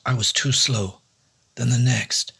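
Gravelly man narrating hard-boiled noir. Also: mid-range voice, steady tone, a little slow, pushed and bright. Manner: dry, wry first-person detective voice. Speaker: storyteller and host.

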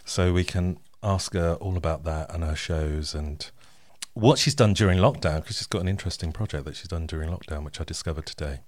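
A man's voice: low voice, brisk. A man hosting a podcast in casual chat, chatty and laughing often. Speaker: podcast host.

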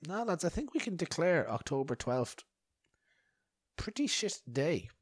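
A man's voice: a little high, very animated, measured pace, breathy edge, no room sound, studio quality. A man hosting a podcast, rambling and swearing with mock outrage and a bad cough. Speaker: podcast host. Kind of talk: rambling solo podcast chat.

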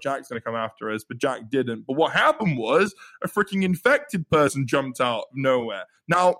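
A young man, a podcast host, telling a story in casual chat, animated, swearing and stumbling over repeated words. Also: mid-range voice.

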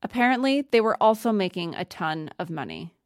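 A woman narrating a documentary in a measured, polished scripted delivery, who also puts questions to the guest. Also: medium pitch, big pitch swings. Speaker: narrator and interviewer.

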